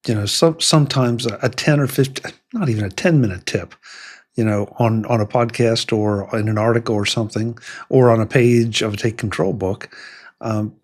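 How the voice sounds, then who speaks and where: A man hosting a casual tech conversation, thoughtful and measured, with small restarts. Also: mid-range voice, steady tone, darkish tone, slightly rough. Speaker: podcast host.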